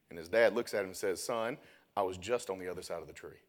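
A young man preaching a sermon, telling a story and then building to loud, shouted preaching. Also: low-pitched, quick pace.

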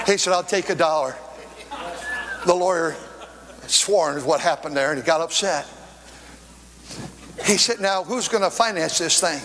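A man preaching a sermon as pastor, telling stories and shouting out drawn-out lines. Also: high voice, slight background noise. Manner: storytelling preacher, swings from quick talk to shouted, drawn-out lines. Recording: long hall reverb.

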